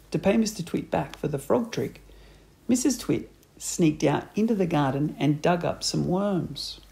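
A man reading a children's book aloud, with expressive, animated storybook narration. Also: on the high side, gravelly, low-quality recording. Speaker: audiobook reader.

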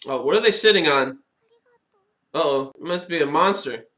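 High-voiced excitable guy reacting to anime. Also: normal speed. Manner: excitable, chatty, laughs often. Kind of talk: casual reaction commentary.

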